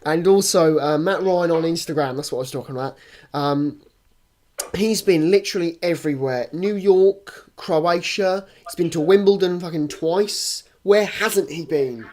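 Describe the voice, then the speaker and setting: A man's voice: fairly high pitch, moderate pace, darkish tone, a little hiss or hum. A man co-hosting a casual sports podcast, chatty and opinionated, swearing now and then. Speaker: podcast co-host.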